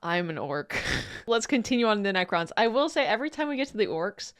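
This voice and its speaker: A woman streaming a casual reaction, excitable and quick to laugh and swear. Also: fairly high pitch.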